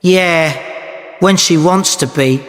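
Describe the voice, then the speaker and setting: A man's voice: a little high, takes it slowly, pitched above the performer's own voice. A man reading aloud voices a scornful young woman bodyguard in a story. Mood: angry. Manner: sharp and scornful. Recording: long hall reverb.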